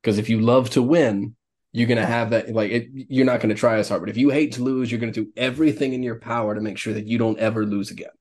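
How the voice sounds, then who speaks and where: A man co-hosts a casual sports podcast, delivering strong, rambling opinions. His voice sits in an ordinary middle pitch, and he laughs easily between points. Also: steady tone, quick pace, darkish tone. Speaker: podcast co-host.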